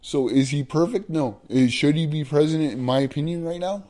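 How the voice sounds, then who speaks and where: A man ranting bluntly in an opinion vlog, profane and emphatic, slowing down to hammer his points. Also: on the high side, mellow. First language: not American. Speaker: vlogger.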